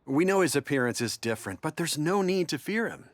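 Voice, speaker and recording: An actor voicing a polite but suspicious adult villager in an anime dub. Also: male voice, a little high, lively intonation, fairly quick, no echo, close to an everyday voice. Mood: wary.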